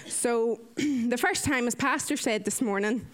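Lively high-voiced woman. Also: unhurried. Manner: lively, animated storytelling with acted-out quotes. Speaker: nurse giving a mission talk. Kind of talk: storytelling talk with slides.

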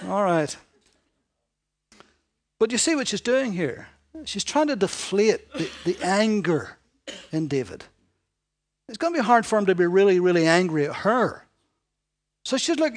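A man preaching a sermon to a congregation, animated and joking with his listeners as he reads and explains scripture. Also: sits high, normal speed, long pauses.

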